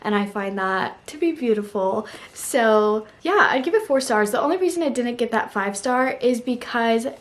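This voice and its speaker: A woman's voice: on the high side, animated, normal speed, few pauses. Chatty young woman reviewing books. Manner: chatty, emotional, frequent "like" fillers. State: tearful, on the verge of crying. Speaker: book reviewer. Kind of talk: casual book review vlog.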